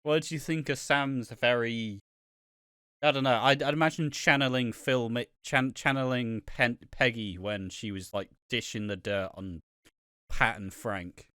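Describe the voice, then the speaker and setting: A man's voice: medium pitch, steady tone, unhurried, bright, forceful tone, smooth, no echo, clean studio sound. A man from Britain co-hosting a podcast, chatting casually and animatedly about a soap episode, often swearing and acting out lines. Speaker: podcast co-host.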